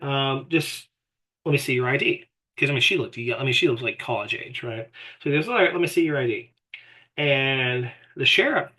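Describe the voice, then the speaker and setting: Law lecturer, male, bright edge to the voice, chatty delivery with lots of "you know" and "right?". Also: mid-range voice. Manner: conversational, frequent "right?" and "you know", acts out quoted exchanges. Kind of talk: casual recorded lecture.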